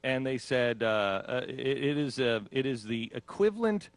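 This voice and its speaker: A man's voice: medium pitch, expressive, normal speed, dry recording. A man hosting a radio talk show, casually telling of his own ordeal and acting out his own panicked reactions with laughs. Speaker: radio host.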